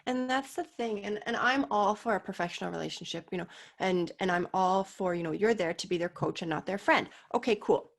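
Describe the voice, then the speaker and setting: A woman guest, a mental performance coach, talking emphatically in a casual interview and acting out what people say, swinging from loud to soft. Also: medium pitch, a little fast, creaky.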